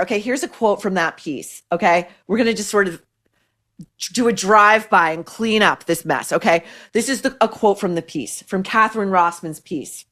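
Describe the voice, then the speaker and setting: A woman hosting a podcast, delivering scornful, sarcastic opinion commentary with lively emphasis. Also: medium pitch, normal speed. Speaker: podcast host.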